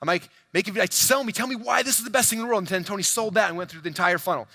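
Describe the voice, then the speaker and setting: Fast-talking, bright-voiced male stage speaker. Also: high-pitched, dry recording. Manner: fast, hyped, addresses crowd directly, acts out quoted dialogue. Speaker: keynote speaker at a convention. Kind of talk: energetic stage presentation. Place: large convention hall stage.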